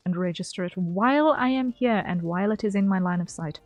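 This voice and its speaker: A woman's voice: medium pitch, brisk, darkish tone, dry recording, faint music behind. A young woman streaming from home at her desk mic, chatting casually while playing, rambling and correcting herself. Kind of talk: casual gameplay commentary.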